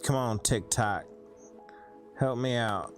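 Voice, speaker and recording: A man's voice: medium pitch, takes it slowly, soft background music. A man with a thick Southern US accent chatting casually with viewers on a live stream, laid-back and rambling.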